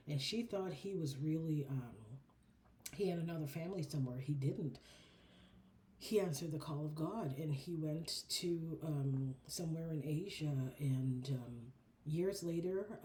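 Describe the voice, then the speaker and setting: A woman doing a casual spiritual card reading who talks in an animated, chatty way and calls her listeners baby and honey. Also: low voice, normal speed, a little hiss or hum. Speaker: oracle card reader.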